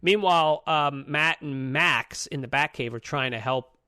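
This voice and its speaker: Animated, profane man on a dry mic. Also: clean tone, dry recording. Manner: animated, profane retelling with quick pitch jumps. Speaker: podcast co-host. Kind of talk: casual podcast chat.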